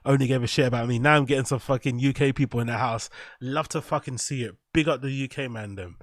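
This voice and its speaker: An English man hosting a casual live reaction stream, joking crudely and shouting out viewers in chat. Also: mid-range voice, fast talker, no echo, studio quality.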